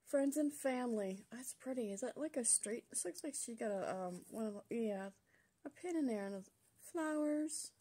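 A woman's voice: a little high, lively intonation, normal speed, dark tone, husky. A woman hosting a craft channel, chatting casually and gushing as she unboxes craft supplies. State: out of breath. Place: at a table at home.

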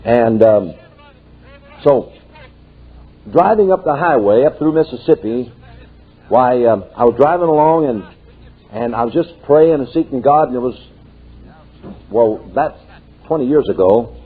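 A man's voice: medium pitch, expressive, measured pace, pauses often, husky. Older male preacher on a tinny old tape. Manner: folksy storytelling, building to fervent exclamations. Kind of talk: sermon.

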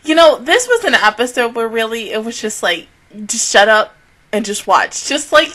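A woman's voice: fairly high pitch, sing-song, normal speed. Cursing, emotional woman reacting to anime. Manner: swears a lot, laughs and cries out, then reflects quietly. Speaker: anime reaction channel host.

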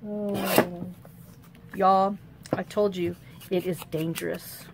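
A woman's voice: on the low side, steady tone, slow, noisy background. Chatty woman muttering through a craft tutorial. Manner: chatty and rambling, often muttering quietly to herself as she works. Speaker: crafting channel host. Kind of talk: casual crafting tutorial, thinking aloud.

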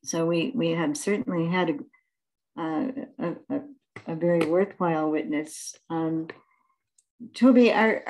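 A woman moderating a panel, speaking in a reflective, measured way. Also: low voice, darkish tone, a little hiss or hum, rough recording. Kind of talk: panel talk.

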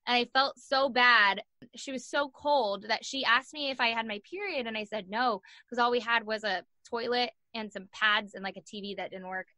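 A young woman telling a story as a podcast guest, animated, acting out the voices of the people in it and saying "like" a lot. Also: a little high, normal speed, dry recording. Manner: animated, acts out voices in her stories, says "like" a lot. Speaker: guest, sports journalist and podcaster. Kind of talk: casual storytelling in an interview.

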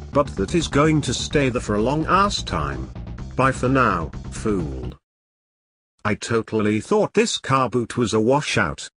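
Man, comedy sketch host, swearing, boastful rants, lively swings in pitch. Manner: foul-mouthed, ranting, boastful. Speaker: comedic host playing an angry game collector.

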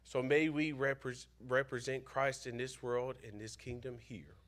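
A man with a stuffy, congested voice greets his congregation and makes announcements. He speaks at a middle pitch in a loose, informal way, as a pastor does at the front of his church. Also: fairly even intonation, a little slow, fairly bright tone. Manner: casual, informal. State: congested from pollen. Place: church sanctuary.

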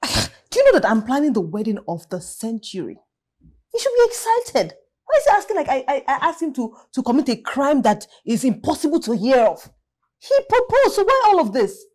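A woman's voice: high-pitched, huge pitch swings, moderate pace, darkish tone, full character voice. An actress playing a demanding bride with a Nigerian accent, fixated on her grand wedding, who nags and stammers when flustered. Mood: frustrated. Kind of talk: film drama acting.

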